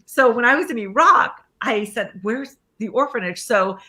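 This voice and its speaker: A woman speaking as a guest life coach, telling her story in a casual interview, animated and acting out the voices of people she quotes, often laughing. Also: on the high side, normal speed. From Iraqi family background, raised in America.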